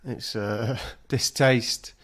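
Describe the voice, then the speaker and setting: A man's voice: mid-range voice, fairly even intonation, drawn-out words, fairly bright tone. A man co-hosting a podcast, chatting casually with dry, teasing jokes. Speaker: podcast co-host. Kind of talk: casual chat.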